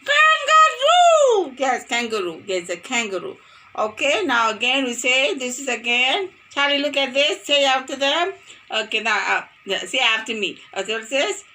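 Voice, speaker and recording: A woman's voice: on the high side, animated, moderate pace, sharp tone, slight background noise. A woman teaching a phonics lesson to young children, playful and sing-song, repeating words for them to copy.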